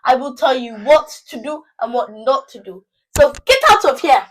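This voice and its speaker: A woman voicing a loud, indignant middle-aged Nigerian mother with a Nigerian accent, scolding rapid-fire. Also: high voice, a little hiss or hum, natural voice.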